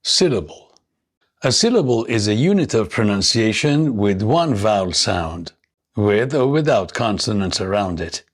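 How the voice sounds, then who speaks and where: A man narrating a scripted English lesson, speaking slowly and clearly, modeling words for learners to repeat. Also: fairly low pitch, animated. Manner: slow, deliberate, models words for repetition. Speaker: English teacher.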